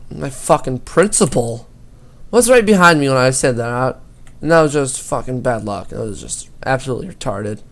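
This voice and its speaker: A man's voice: mid-range voice, fairly bright tone. A teenage boy gaming YouTuber telling a school story over gameplay, rambling and swearing a lot.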